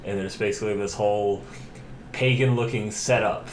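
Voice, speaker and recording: A man with a fairly low voice talks loosely through film scenes, leaning on fillers. The recording sounds roomy, with a faint hiss underneath. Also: normal speed. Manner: relaxed, filler-heavy, explains scenes. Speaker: podcast co-host. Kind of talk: casual chat about a film.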